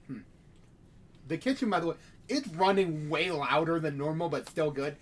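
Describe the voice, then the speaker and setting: Game master, male, higher voice, casual wry asides, faint hiss behind. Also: normal speed. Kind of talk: narrating a tabletop game.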